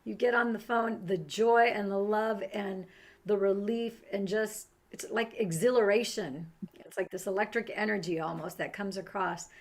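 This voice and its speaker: A woman's voice: mid-range voice, steady tone, moderate pace. A woman in casual conversation, responding with effusive affirmations. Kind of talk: casual chat.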